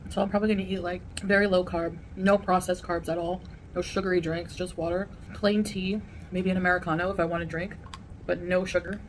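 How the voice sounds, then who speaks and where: A woman's voice: fairly low pitch, level tone, a little fast, a little hiss or hum. Chatty woman talking between bites. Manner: chatty and rambling, eating between words. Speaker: vlogger. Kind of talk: casual eating vlog chat.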